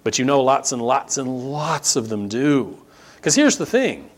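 A middle-aged man preaching a sermon as pastor, animated, with sarcastic asides and emphatic repetition. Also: mid-range voice, unhurried.

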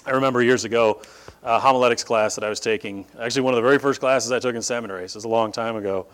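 A middle-aged man preaching a sermon as pastor, telling stories with lively shifts and acting out the people he quotes. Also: medium pitch, racing. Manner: animated storytelling, voices quoted speakers.

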